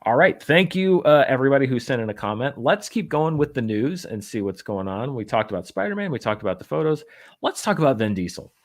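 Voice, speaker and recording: A man's voice: medium pitch, very animated, fairly quick. A man hosting a casual live-stream news chat, talking in a wry, rambling way with lots of filler words. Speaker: host.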